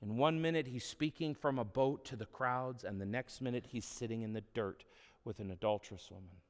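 A man's voice: medium pitch, brisk, in a large hall. A man preaching a sermon in a conversational, humorous storytelling way. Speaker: pastor.

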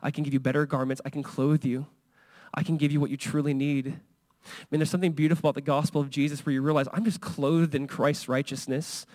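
A man's voice: on the high side, little pitch movement, fast talker, a little mellow, dry recording. A male pastor preaching a sermon in an earnest, conversational way, a father who acts out the voices he quotes. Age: young adult or middle-aged, father of a son.

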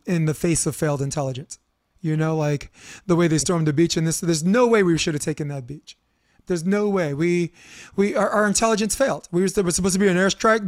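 A man's voice: a little high, brisk, no echo. Chatty podcast host man, dry close sound. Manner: rambling, animated storyteller who swears freely. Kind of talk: casual chat.

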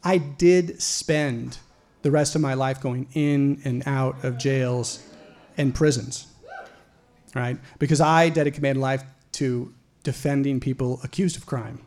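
A middle-aged man telling a personal story live, wry and animated, rising to loud outbursts. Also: mid-range voice, a little slow, slight background noise.

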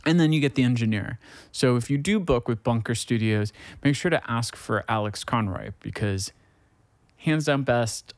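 A man's voice: medium pitch, normal speed, no echo. A man talking casually as a podcast host, with hedging asides. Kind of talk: casual chat.

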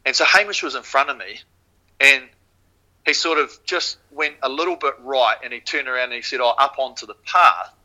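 Bright-voiced New Zealand man telling stories. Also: medium pitch, brisk, low-quality recording. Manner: swears freely, animated retelling. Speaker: podcast guest, former rower. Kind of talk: casual storytelling.

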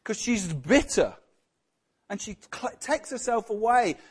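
A man's voice: high voice, big pitch swings, a little slow, slightly rough. A man preaching a sermon in a conversational way, often putting questions to the congregation.

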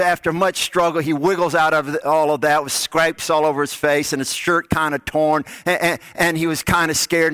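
Male pastor mid-sermon, storytelling, close dry sound, sinks low and quiet to make points. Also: no room sound. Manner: storytelling, drops to soft low tones on key lines.

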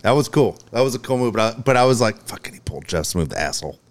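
A man's voice: on the low side, expressive, racing. A man co-hosting a casual podcast, blunt and profane, who coaches youth baseball. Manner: blunt, profane, asks offbeat questions. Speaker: co-host.

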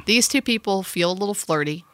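A woman's voice: medium pitch, lively intonation, fairly quick, a bit bright, dry recording. A woman co-hosting a podcast, chatting casually and playfully. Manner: chatty, playful, lots of laughing asides. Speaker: podcast co-host. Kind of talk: casual chat.

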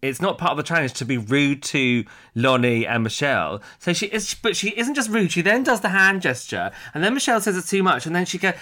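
A man talking in a casual chat, his fairly high voice bright and edged, leaping up and down in pitch as he gets worked up. He swears freely and sounds indignant and animated. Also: brisk, hardly any pauses.

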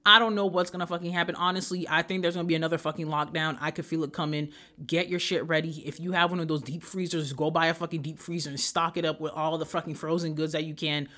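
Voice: mid-range voice, steady tone, fast, pushed and bright. Fired-up young podcaster, swears constantly, lectures the audience head-on. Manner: profane, heated ranting; direct address to listeners. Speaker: podcast host. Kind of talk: solo podcast rant.

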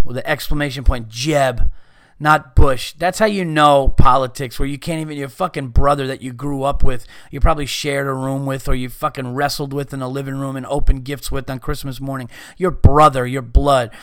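A man hosting a podcast, talking casually in a rambling, profane, animated way. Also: medium pitch, clean tone, dry recording, studio quality. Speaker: podcast host.

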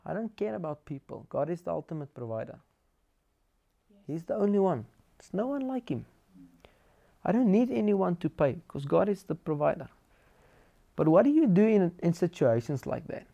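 A man with a South African accent preaching a sermon, telling lively personal stories and mixing Afrikaans words into his English. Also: high voice, moderate pace, gravelly, long pauses, lo-fi sound.

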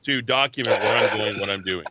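Talk radio host: tired man, low voice, blunt combative rant, keyboard clatter in the studio. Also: brisk, slight background noise. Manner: blunt, combative, repetitive ranting. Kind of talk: ranting political talk radio monologue. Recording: steady keyboard typing and clicks behind.

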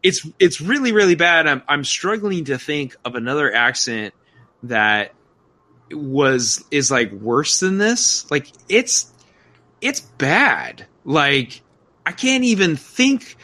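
A man with a bright, forceful voice talks through a film review. He sounds animated and incredulous, trips over restarts, and circles back to the same complaint. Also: on the high side, slow pace. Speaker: podcast co-host. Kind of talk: casual film review chat.

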